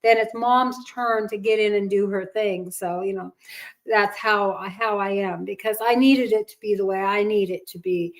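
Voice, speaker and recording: A woman's voice: medium pitch, steady tone, normal speed, low-quality recording. An older woman hosting a family podcast, speaking in a casual chat and fighting back tears. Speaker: podcast host, mother.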